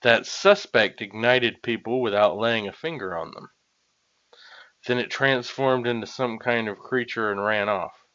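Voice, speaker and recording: A man reading the lines of an earnest young female police detective in his own plain voice, asking steady, even questions. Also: mid-range voice, a little slow, muffled recording, pitched below the performer's own voice, lightly acted.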